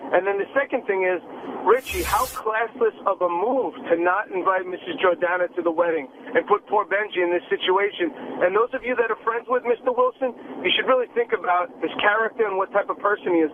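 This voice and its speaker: High-pitched guy calling in, tinny phone line, lots of noise. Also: fast. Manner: opinionated, stumbling. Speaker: caller. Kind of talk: phone-in call.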